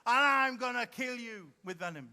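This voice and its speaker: A man from the audience playing a shouting male villain, yelling his line with a laugh into a handheld mic during a shipboard theater show. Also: very high voice, expressive, moderate pace, full character voice. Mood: menacing. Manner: yelled, laughing line delivery. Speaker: audience volunteer.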